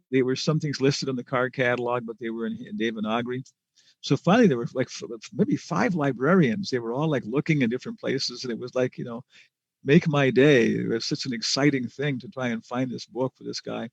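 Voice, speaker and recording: A man teaching a scripture class with a gravelly, creaky voice. He talks in a loose, chatty way, restarting phrases and chuckling. The recording is dull and lo-fi, with a dry, close sound. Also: medium pitch, fairly quick, no room sound. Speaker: spiritual teacher.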